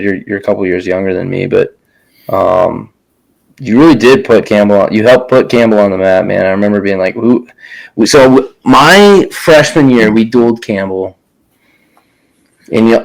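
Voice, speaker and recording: A young man hosting a relaxed casual chat, talking loosely with a lot of um and you know. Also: on the low side, normal speed, gravelly, poor audio. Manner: relaxed, many fillers and restarts.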